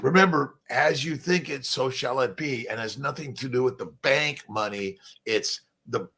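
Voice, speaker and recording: Older male host, gravelly and husky, rambling folksy pep talk with swearing. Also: mid-range voice, normal speed, sharp tone. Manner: folksy, preachy, swears freely, many fillers. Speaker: fertility doctor hosting a morning motivational talk.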